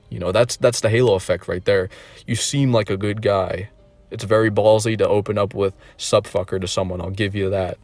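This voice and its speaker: Man, lowish voice, casual vlog story, rambling and incredulous, dry close sound. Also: no room sound. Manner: rambling, incredulous, repeats himself. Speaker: online dating video creator.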